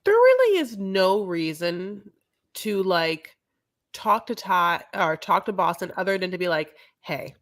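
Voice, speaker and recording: A woman's voice: medium pitch, big pitch swings, a little slow. A woman co-hosting a casual reality TV podcast, talking in a rambling way full of fillers. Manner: chatty, rambling, lots of fillers. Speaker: podcast co-host. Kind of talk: casual chat about reality TV.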